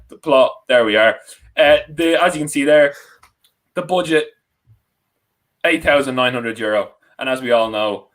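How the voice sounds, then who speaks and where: Heard on poor audio, this young adult man from Ireland has a mid-range, fairly bright voice. He hosts a podcast live stream in casual chat, introducing guests with plenty of rambling, self-correction and laughter.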